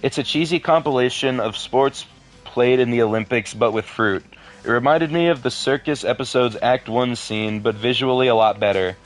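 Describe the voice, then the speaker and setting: Deadpan man reading with wry asides. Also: medium pitch, normal speed. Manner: deadpan asides, swears in frustration. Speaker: video creator reading a horror story. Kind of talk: casual reading with commentary.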